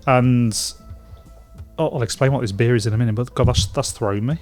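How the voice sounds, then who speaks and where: A man from England co-hosting a casual beer podcast, talking in halting stops and restarts. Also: medium pitch, fairly even intonation, darkish tone, faint music behind. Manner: rambling, halting with many restarts and fillers. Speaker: podcast co-host. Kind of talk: casual chat.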